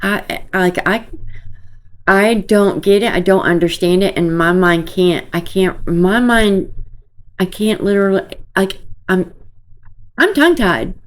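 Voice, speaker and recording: A woman's voice: medium pitch, measured pace, long pauses. A woman giving casual, opinionated gossip commentary to her viewers, scornful and talking to them directly. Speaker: commentary vlogger.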